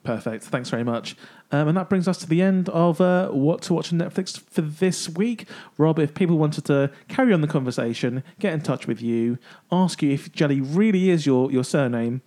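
A man's voice: on the high side, animated, normal speed, hardly any pauses, mellow. A man hosting a podcast, chatting casually and dropping in brief encouraging interjections. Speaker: podcast host. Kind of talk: casual chat.

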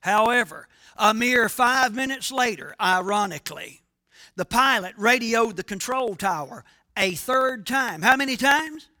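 A male pastor delivers a sermon in a very high, bright voice. He speaks slowly and emphatically and keeps asking his listeners questions. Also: animated. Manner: emphatic, asks the congregation questions.

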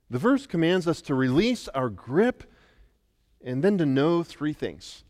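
A middle-aged man from the United States, a pastor preaching an emphatic sermon that moves between quiet and loud. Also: fairly high pitch, very animated, normal speed. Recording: long reverb of a large hall.

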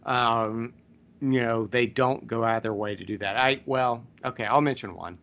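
Bright-voiced rambling male podcast host. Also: mid-range voice, steady tone, normal speed, muffled recording. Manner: rambling storyteller with many fillers. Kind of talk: casual chat and storytelling.

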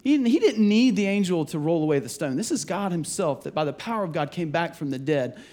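A man's voice: a little high, animated, a little fast, darkish tone. A male pastor giving a conversational Easter sermon in a church, often restarting and repeating words as he goes. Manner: casual and rambling, with frequent restarts and repeated words. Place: church sanctuary.

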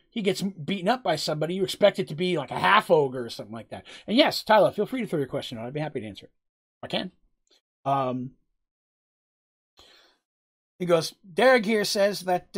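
A man's voice: fairly high pitch, very animated, fast talker, pauses often, breathy edge. A man running a tabletop game, rambling casually with lots of fillers and frequent laughs as he narrates and answers questions. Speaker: game master.

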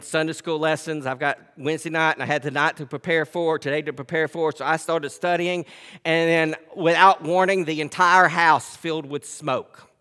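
A male pastor delivers a sermon in a high, bright voice. He moves from loud, drawn-out scripture reading to soft, chatty storytelling. The sound has the long reverb of a church hall. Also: smooth. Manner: swings from loud emphatic preaching to quiet conversational storytelling. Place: church sanctuary.

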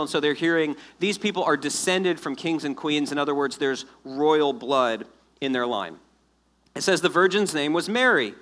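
A man preaching a sermon to his congregation, explaining scripture in a lively, joking way and acting out the people in the story. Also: a little high. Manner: animated, jokey storytelling with acted-out asides. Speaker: pastor.

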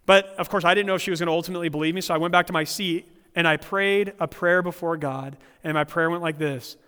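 A man's voice: a little high, steady tone, quick pace, pushed and bright, clear, resonant tone, long reverb tail. A man pastor preaching a sermon, earnest, with humorous personal stories.

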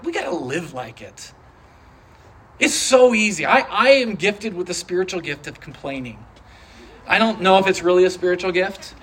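A preacher delivering a sermon in an animated, conversational way, repeating phrases for emphasis. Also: medium pitch, breathy edge.

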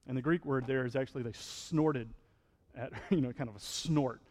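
A male pastor preaching a sermon in a relaxed, conversational way, often checking in with the congregation and acting out the quotes he reads. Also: medium pitch, unhurried, big-room sound. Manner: conversational preaching, frequent "right?", acts out quotes.

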